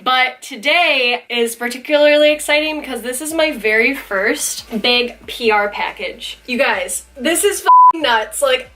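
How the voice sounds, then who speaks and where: Bubbly, bright-voiced young woman vlogger. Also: high-pitched, a little hiss or hum. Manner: gushing, bubbly, self-deprecating. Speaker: beauty vlogger. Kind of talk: excited unboxing vlog.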